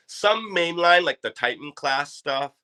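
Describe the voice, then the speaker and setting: A man's voice: a little high, expressive, unhurried, sharp tone, clear, resonant tone. A man from Canada, a guest chatting on a podcast about his toy collection in a loose, enthusiastic way. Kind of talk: casual podcast chat.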